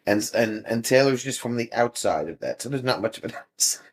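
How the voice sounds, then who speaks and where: Expressive and slightly rough, a medium-pitched male voice moves a little fast. He is a livestream host in casual chat with viewers, reading their comments out and often chuckling.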